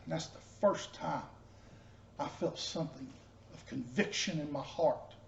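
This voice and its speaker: A man giving a personal testimony as a pastor, telling his story earnestly and dropping soft and low in tender moments. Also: measured pace, vocal fry, a little hiss or hum. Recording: echoey, dull room sound.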